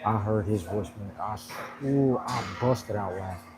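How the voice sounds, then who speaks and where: A man's voice: fairly low pitch, normal speed, crowd noise. A man vlogging at a gym in casual chat, rambling and laughing as he tells a story. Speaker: fitness vlogger. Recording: noisy background.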